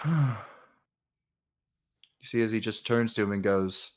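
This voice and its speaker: A man narrating as game master of a tabletop game, in a relaxed, filler-heavy way. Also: on the low side, a little fast.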